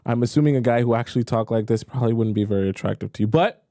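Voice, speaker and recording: A man's voice: mid-range voice, very fast, dark tone, no room sound, clean studio sound. A man working as a dating coach who reacts to clips in a casual, playful, teasing way. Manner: playful, chatty, teasing asides. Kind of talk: casual commentary.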